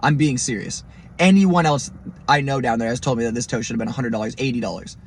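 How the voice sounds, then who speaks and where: A man hosting his own podcast, telling listeners a first-person road story in a casual, profane, animated way. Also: mid-range voice, fast, slight background noise. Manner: speaks straight to listeners as "guys". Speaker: podcast host.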